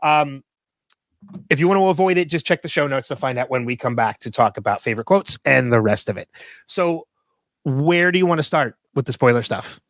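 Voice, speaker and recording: A man's voice: medium pitch, expressive, a little fast, a bit bright, no echo. Rambling male podcast co-host, dry mic. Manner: rambling, filler-heavy, laughs often. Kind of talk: casual podcast discussion.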